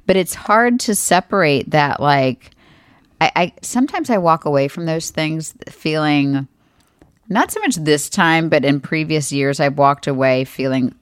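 Woman, 40s, podcast co-host; low-pitched, chatty, animated storyteller, dry close sound. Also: unhurried, clean tone, no room sound. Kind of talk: casual chat.

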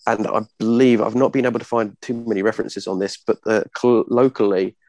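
A man's voice: on the low side, fairly even intonation, darkish tone, no room sound. Guy doing a talk off his notes, lots of ums and restarts, dry close sound. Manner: halting, many ums and self-corrections. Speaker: presenter giving a history talk. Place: room with a small live audience.

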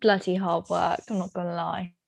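A young woman co-hosts a relaxed chat show between friends. She talks in a loose, chatty way, peppered with "like" and "literally.". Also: lowish voice, moderate pace, gravelly, slightly rough, no room sound. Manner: chatty, says "literally" and "like" a lot. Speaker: podcast co-host. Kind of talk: casual chat.

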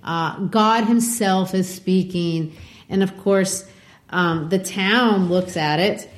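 A woman co-hosting a literary discussion, animated and reading quotes aloud. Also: fairly low pitch, slow, echoey room. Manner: animated, reads quotes with voices. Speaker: podcast co-host.

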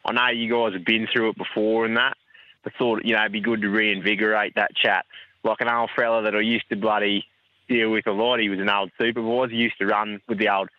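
A low-voiced man leaves an easygoing message for a podcast. The line is dull and dry. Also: little pitch movement, a little fast, dry recording. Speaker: caller. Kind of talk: phoned-in voice message.

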